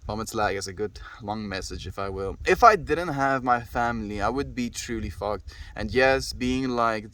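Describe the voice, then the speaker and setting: A man's voice: fairly low pitch, a bit bright. South African man streaming, slightly off-mic. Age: 20s. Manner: laid-back, rambling, says "dude" and "my friend". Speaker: livestreamer reading chat. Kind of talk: casual chat. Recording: distant mic with faint background noise.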